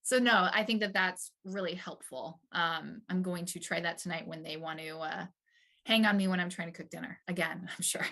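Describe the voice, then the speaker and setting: Bright-voiced young mother, open and hesitant. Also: lowish voice, moderate pace, creaky. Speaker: client mother. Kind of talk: therapy session talk.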